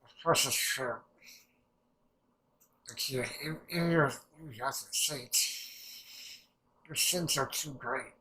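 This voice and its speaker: Young man, bright forceful voice, excitable, profane, rambling reaction commentary. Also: mid-range voice, takes it slowly, long pauses, rough recording. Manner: excitable, rambling, heavy swearing. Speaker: anime reaction channel host.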